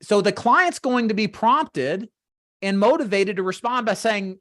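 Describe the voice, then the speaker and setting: A man teaching final expense phone sales, walking trainees through a phone script and acting out sample call lines in a brisk sales voice, with frequent "right?" check-ins. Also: high voice, lively intonation, fairly bright tone, no room sound, studio quality. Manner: talks straight to trainees, checks in with "right?" and "does that make sense?". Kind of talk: instructional walkthrough of a phone script.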